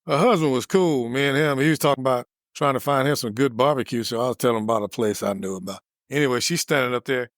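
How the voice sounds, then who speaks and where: A man's voice: mid-range voice, fast talker, no room sound, clean studio sound. A man co-hosting a podcast, retelling a customer service run-in in casual chat and acting out both sides. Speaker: podcast co-host.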